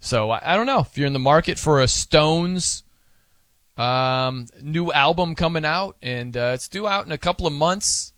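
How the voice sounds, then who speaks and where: A man's voice: on the high side, moderate pace, fairly bright tone, no room sound. A man hosting a sports radio show, chatting casually in a rambling, self-amused way. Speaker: fill-in radio host. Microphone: studio microphone.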